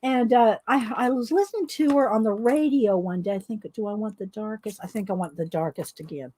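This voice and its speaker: Woman host, chatty rambling storyteller, higher voice, laughs often. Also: animated, fairly quick, warm tone. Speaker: adult coloring video host. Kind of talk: casual storytelling to viewers.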